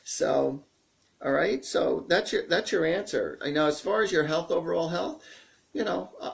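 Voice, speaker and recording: A man hosting a live stream, answering viewer questions in a chatty, rambling, joking way that grows animated as he gets excited. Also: fairly high pitch, creaky. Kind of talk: casual live-stream talk.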